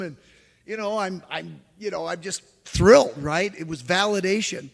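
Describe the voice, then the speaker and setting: A man giving a lecture as an animated storyteller, who acts out the exclamations he quotes. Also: high-pitched, moderate pace, gravelly. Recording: long hall reverb.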